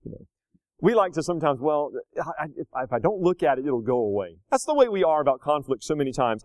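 A man in his thirties preaching a sermon, rising to loud, slow emphatic lines and dropping to quiet, casual asides. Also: sing-song, no echo. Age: 30s. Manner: swings between loud emphatic peaks and low conversational asides; slows down hard on key phrases.

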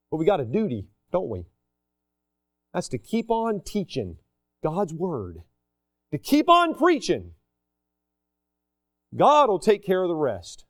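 A man's voice: high-pitched, no room sound, studio quality. A man preaching a sermon, talking casually and acting out the people he quotes. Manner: animated, acts out the people he quotes.

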